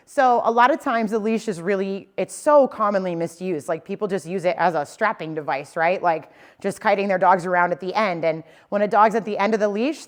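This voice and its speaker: A young adult woman teaching dog owners in an easygoing, conversational way. She explains each step plainly and keeps checking that her listeners follow. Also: medium pitch. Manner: casual and explanatory, often checking in with "okay?" and "right?". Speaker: dog trainer. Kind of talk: instructional talk to dog owners.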